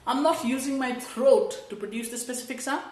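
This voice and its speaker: In an online lesson with an echoey room, a woman with a high-sitting voice speaks at normal speed. She trains learners in English pronunciation, explaining step by step, posing rhetorical questions, and modeling sounds aloud for them to repeat.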